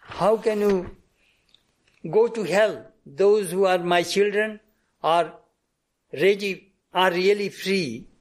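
A man voicing a gentle holy mother. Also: high voice, slow, long pauses. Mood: reassuring.

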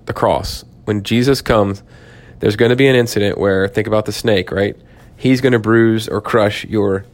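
Low-voiced man preaching a sermon. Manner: earnest, restarts and rhetorical questions. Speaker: pastor.

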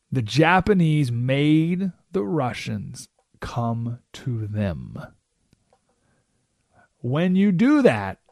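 Into a studio mic, a political talk radio host tells an animated story, often tagging on "right?" He speaks at medium pitch with vocal fry, and the recording has no echo.

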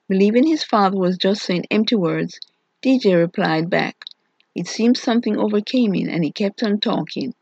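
A narrator reading a novel aloud in a steady, earnest way. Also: medium pitch, normal speed, breathy edge, no echo. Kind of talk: audiobook narration. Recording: muffled lo-fi recording.

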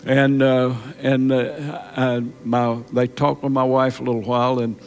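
A man preaching a sermon in church, halting and repeating words, then building to emphatic peaks. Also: mid-range voice, level tone, clear, resonant tone. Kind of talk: sermon testimony.

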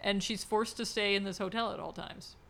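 A woman co-hosting a casual book chat, animated and quick to laugh. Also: medium pitch, vocal fry. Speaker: podcast co-host.

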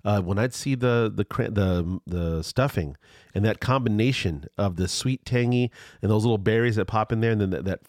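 A man's voice: lowish voice, normal speed, darkish tone, no echo, clean studio sound. A man chatting casually about food, rambling with restarts and savoring the details. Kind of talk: casual chat.

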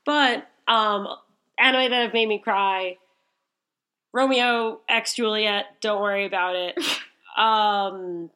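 A young adult woman co-hosting a casual chat, talking in an animated, gushing way. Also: medium pitch, slow pace.

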